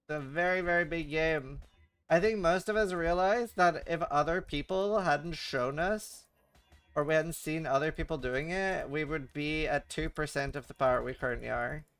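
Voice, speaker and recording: A man chats casually on a game stream, swearing, stammering and muttering to himself. His voice is smooth and clear, pitched a little high. The sound is dry, with no room echo. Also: moderate pace, fairly bright tone, faint music behind. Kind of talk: casual livestream chat while gaming.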